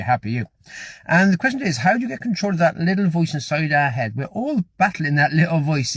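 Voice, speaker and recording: A man delivers a brisk, encouraging motivational vlog in a husky voice pitched a bit high. He talks fast in a chatty, repetitive way. The sound is dry and close. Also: a bit bright, no echo. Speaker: motivational vlogger. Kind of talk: casual motivational talk to camera.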